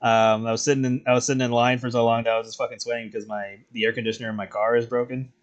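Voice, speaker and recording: A man streaming while he draws, chatting casually in a relaxed, rambling way with plenty of swearing. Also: mid-range voice, very fast, lo-fi sound. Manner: relaxed, profane, rambling with chuckles. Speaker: streaming artist. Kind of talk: casual chat while drawing.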